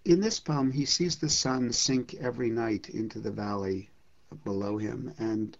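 A literature lecturer speaks slowly and deliberately, pausing with small hesitations between thoughts. The tone is measured, mid-pitched and explanatory. The recording has a dull, lo-fi sound. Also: fairly even intonation, vocal fry. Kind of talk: lecture with poetry reading.

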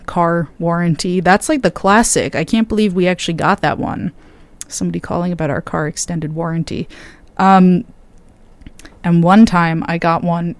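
A woman's voice: lowish voice, a little mellow, dry recording. A tired young woman DJ chatting casually on air between records, rambling and interrupting herself. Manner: rambling, self-interrupting, with many fillers. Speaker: radio DJ.

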